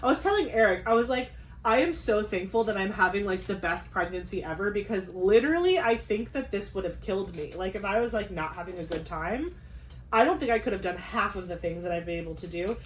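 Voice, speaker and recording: A young woman chatting casually on her craft vlog, talking fast with lots of "like" and quick asides. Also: mid-range voice, expressive, a little hiss or hum. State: pregnant. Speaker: craft vlogger. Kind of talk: casual chat.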